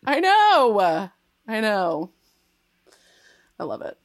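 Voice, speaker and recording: A woman's voice: medium pitch, huge pitch swings, drawn-out words, no room sound, clean studio sound. A woman co-hosting a podcast, casually recapping a TV episode, peppering her talk with "like" and laughing often. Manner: chatty, frequent "like" fillers, laughs often. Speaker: podcast co-host.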